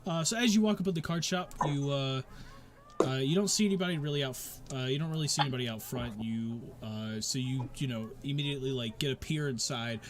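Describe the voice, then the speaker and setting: Rambling game master, casual and halting. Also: male voice, mid-range voice, noisy background. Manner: rambling, many fillers and restarts. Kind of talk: narrating a tabletop game.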